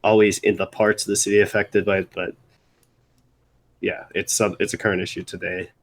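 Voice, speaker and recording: A man's voice: sits low, little pitch movement. A young man from Baltimore chatting casually on a live stream, rambling and restarting his sentences. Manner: rambling, halting, many restarts. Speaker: music segment host.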